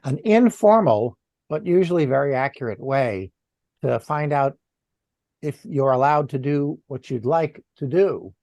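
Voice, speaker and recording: A man's voice: a little high, darkish tone, dry recording, studio quality. A man with a Boston accent, a guest presenter answering questions on a video call and spelling out terms carefully. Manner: explanatory, spells out terms letter by letter. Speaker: guest presenter on antenna law.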